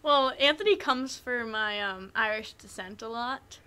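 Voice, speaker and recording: A young woman chatting as a podcast guest, easygoing and quick to laugh. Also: on the high side, bright, forceful tone, clean tone. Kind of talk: casual chat.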